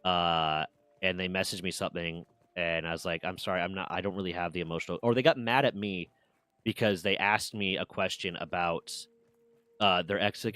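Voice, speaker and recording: Man, streamer, casual storytelling, low pitch, candid, dry sound. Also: fairly even intonation, brisk, a bit bright, no echo. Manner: candid, swearing, retells quarrels in raised mock voices.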